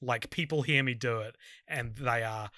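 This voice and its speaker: A man co-hosting a podcast chats casually, joking and teasing his co-host. His medium-pitched voice is bright and forceful at a moderate pace, in clean studio sound with no room noise.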